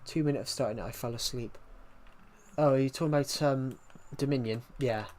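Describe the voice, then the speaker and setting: A man's voice: mid-range voice, a little fast, darkish tone. Rambling young British man streaming. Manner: rambling, many restarts, answers viewer chat. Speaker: livestreamer. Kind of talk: casual stream chat.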